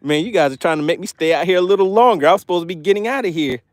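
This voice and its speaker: A man hosting a fishing live stream outdoors, reading viewers' chat aloud in a playful, excitable way and laughing often. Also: high-pitched, rapid-fire, dry recording. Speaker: fishing channel host.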